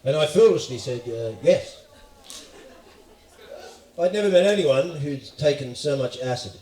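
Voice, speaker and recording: A man's voice: on the high side, animated, a little fast, warm tone. A man with an Australian accent doing a stand-up routine, telling stories in a profane, ranting way and mimicking voices. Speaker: stand-up comedian. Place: live comedy venue. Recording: echoey room, from far off.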